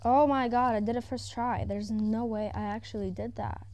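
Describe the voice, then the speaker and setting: A woman at home giving casual, excitable commentary as she plays a video game. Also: a little high, moderate pace, no room sound. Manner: excitable, exclaiming often, chatting to herself. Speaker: gaming YouTuber. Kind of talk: casual let's-play commentary.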